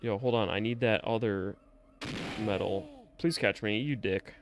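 A man giving casual live commentary as he plays a game, reacting out loud, swearing freely and talking back to the game. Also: lowish voice, a little slow, music in the background. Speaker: streamer.

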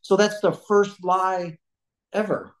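A man's voice: high-pitched, fairly even intonation, slow, rough recording. A man speaks as a podcast guest, telling a personal story in an emphatic, outspoken way. He rambles, restarts his sentences and drops blunt words for emphasis. His delivery is loose and conversational. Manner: rambling with many restarts and fillers.

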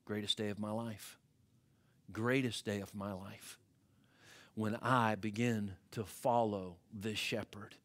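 A male pastor with an American accent, preaching a sermon and swinging from hushed, low passages to loud, climbing ones. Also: fairly even intonation, slow. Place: church sanctuary.

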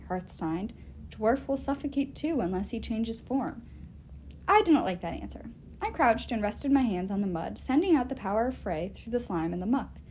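Expressive woman reading a novel aloud. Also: fairly high pitch, a little hiss or hum. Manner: expressive first-person narration. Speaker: audiobook reader.

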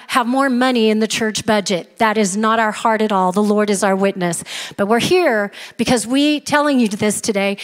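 A middle-aged woman pastor preaching a sermon in an earnest, emphatic manner in a church. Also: a little high. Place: church sanctuary. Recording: reverberant church hall.

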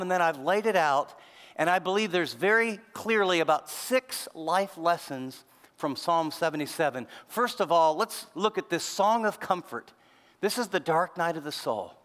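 Animated, high-voiced male preacher in a hall. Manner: animated preaching with rhetorical question lists. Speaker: pastor. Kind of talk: sermon.

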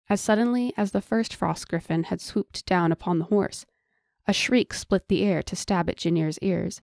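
A woman narrating a fantasy audiobook in a measured storytelling manner. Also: lowish voice, vocal fry, darkish tone, dry recording, studio quality.

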